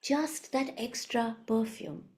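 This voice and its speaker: A woman giving a reflective spiritual talk as a teacher, soft-spoken and unhurried. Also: on the high side, expressive.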